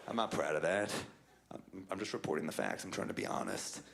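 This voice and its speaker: Deep gravelly stand-up comic, deadpan. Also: male voice, a little fast, a crowd in the background. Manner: deadpan, sardonic storytelling. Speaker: stand-up comedian. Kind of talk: stand-up routine.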